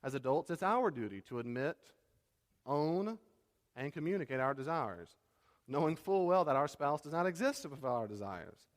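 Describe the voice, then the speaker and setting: A man's voice: on the high side, lively intonation, moderate pace. A man preaching a sermon as a pastor, emphatic, acting out quoted spouses with sudden raised voices. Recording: reverberant hall.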